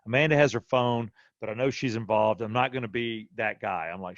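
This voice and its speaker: Speaking a little fast with hardly any pauses, a man co-hosting a podcast recounts a personal story, performing other people's quoted lines with animation. His voice is mid-range, and the dry recording has its highs cut off.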